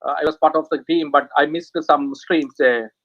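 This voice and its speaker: A man's voice: a little high, steady tone, moderate pace. Hesitant man on a muffled call. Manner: hesitant, many fillers and restarts. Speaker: English learner guest. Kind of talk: casual chat. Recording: muffled online call audio.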